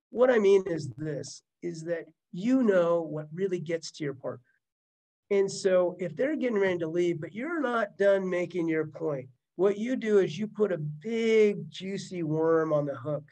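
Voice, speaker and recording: A man's voice: high-pitched, a little mellow, rough recording. A middle-aged man, a marriage counselor, teaching a webinar in a conversational way, often checking in with "right?" and acting out example lines. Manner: conversational, uses tag questions and examples.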